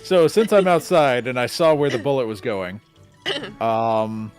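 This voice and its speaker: A man's voice: medium pitch, sing-song, measured pace, smooth, soft background music. A man playing a tabletop game casually, laughing between lines. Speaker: player.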